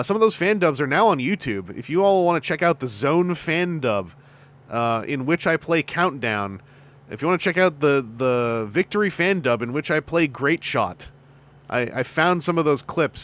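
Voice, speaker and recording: Lively chatty man hosting a stream. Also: medium pitch, normal speed. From Canada. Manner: animated, chatty, laughing often. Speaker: streamer host and fan voice actor. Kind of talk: casual livestream chat.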